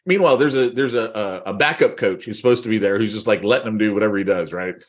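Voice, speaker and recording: A man's voice: fairly low pitch, quick pace. A middle-aged man co-hosting a podcast, casually telling stories with lots of laughter. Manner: laughing, animated storyteller. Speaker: podcast co-host. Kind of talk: casual chat, storytelling.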